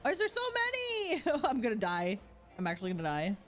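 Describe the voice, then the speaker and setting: A woman streamer playing an online game, reacting excitedly and commenting aloud. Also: a little high, a little fast, soft background music.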